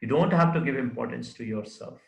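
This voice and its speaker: In a recorded classroom lecture, a man with a mid-range, creaky voice teaches formal letter writing a little fast, step by step, with many fillers and frequent checks of "right?". He writes on the board as he talks. The sound is roomy and the recording rough.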